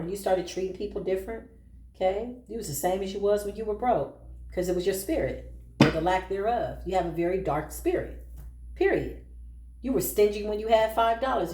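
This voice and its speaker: A woman giving an animated spiritual talk and tarot reading, addressing viewers directly in a slangy, emphatic way. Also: mid-range voice, roomy sound.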